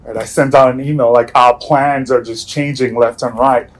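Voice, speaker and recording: A man preaching a sermon as pastor, earnest and searching, often repeating himself and letting sentences fall away quietly. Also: medium pitch, fairly even intonation, moderate pace, poor audio. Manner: earnest, with many restarts and soft trailing endings.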